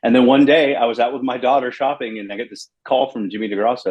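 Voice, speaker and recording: A middle-aged man from Los Angeles, a bass player telling rambling, animated stories in a casual interview. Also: fast talker, few pauses, slightly rough, muffled recording. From Los Angeles, USA. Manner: rambling, animated anecdotes with acted quotes.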